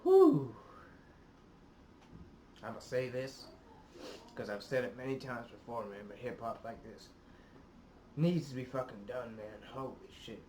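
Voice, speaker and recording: A man hosting a casual reaction video, choked up and emotional, talking haltingly between heavy sighing exhales and swearing. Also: medium pitch, steady tone, a little mellow, slight background noise. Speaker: YouTube reaction host. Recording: roomy echo.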